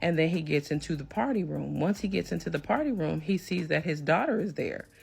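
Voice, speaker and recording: A woman telling a personal story in an emphatic, animated storytime manner. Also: deep voice, a little fast, vocal fry, husky. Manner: emphatic, animated when retelling a confrontation. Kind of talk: storytime recounting a personal drama.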